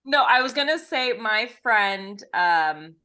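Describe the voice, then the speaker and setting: A woman's voice: medium pitch, animated, slow pace, a loud crowd. A woman co-hosting a podcast, chatting in an easygoing, giggly way and teasing her co-host. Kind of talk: casual chat.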